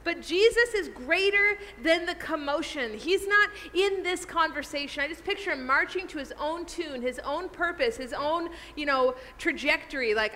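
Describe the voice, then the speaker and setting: This is a woman pastor delivering a sermon in a chatty, animated way. Her voice sits a little high and sounds bright and clear. The room carries a long hall reverb with a faint hum underneath. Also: moderate pace, hardly any pauses. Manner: animated, conversational preaching.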